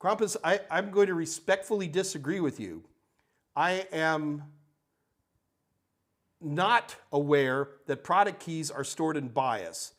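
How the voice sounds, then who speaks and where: A man's voice: a little high, lively intonation, slow, pauses often. Emphatic older man hosting a live Q&A. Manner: emphatic, ranting, blunt. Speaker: IT training host answering live chat. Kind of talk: live Q&A stream.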